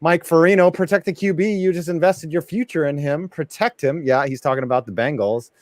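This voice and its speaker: A man's voice: a little high, fairly quick, dry recording. A man hosting a casual live reaction stream, joking around and reading viewer messages aloud. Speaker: livestream host.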